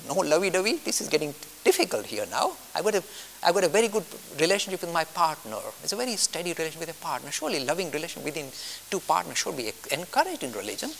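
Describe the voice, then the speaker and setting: An older man delivers a spoken lecture on spiritual discipline in a high, pushed, bright voice. He's blunt and emphatic, mimicking his listeners' objections in mock voices and hammering his key points again. A long hall reverb and faint hiss surround him.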